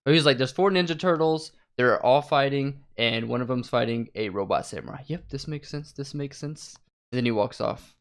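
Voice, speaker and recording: A young man with a mid-range voice talks in a casual chat as a co-host. He recaps scenes in a relaxed, easygoing way, often laughing and stopping to ask questions. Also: mid-range voice, a little fast.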